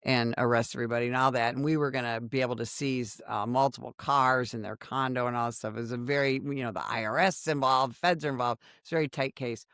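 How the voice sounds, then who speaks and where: Animated woman in her sixties, ex-cop. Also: very deep voice, fast talker, few pauses, smooth, no echo, studio quality. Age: 60s. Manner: animated, dramatic retelling with quoted voices. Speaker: former undercover police officer. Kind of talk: storytelling in a podcast conversation.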